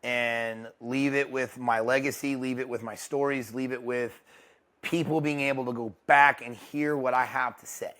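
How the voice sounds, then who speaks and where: A young adult man, an interview guest, speaking candidly and haltingly, with many restarts. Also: medium pitch, fairly even intonation, fairly bright tone. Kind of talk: casual interview talk. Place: ranch home.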